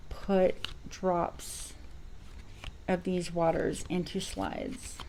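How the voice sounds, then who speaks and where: A woman with a low, gravelly voice talks viewers through a spiritual card reading. She speaks softly and reflectively, often pausing to search for the right words. Faint background hiss sits under her voice. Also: poor audio. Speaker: tarot reader.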